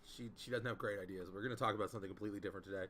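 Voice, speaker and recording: A man co-hosting a live-streamed chat show, chiming in with dry, deadpan quips. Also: lowish voice, rapid-fire, slight background noise. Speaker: podcast co-host.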